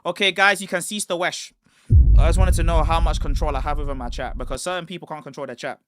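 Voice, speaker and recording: A man's voice: fairly high pitch, steady tone, fast, fairly bright tone. A man hosting a live stream, reacting to a debate clip and joking emphatically with his chat. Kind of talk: casual live-stream commentary.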